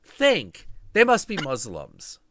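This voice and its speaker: A man hosting a livestream, telling a story in a casual, profane, animated way and acting out the voices. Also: on the high side, takes it slowly, no room sound, clean studio sound. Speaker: show host.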